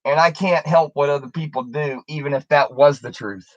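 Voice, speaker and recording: A woman's voice: sits low, normal speed, no room sound, muffled recording. A woman delivering an angry, profane, confrontational rant on her video channel, taunting the person she is addressing. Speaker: YouTuber.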